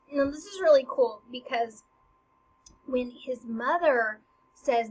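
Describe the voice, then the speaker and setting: A woman's voice: high-pitched, expressive, a little slow, breathy edge. A woman teacher casually explaining a play in chatty, slangy paraphrase. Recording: slightly muffled lo-fi recording.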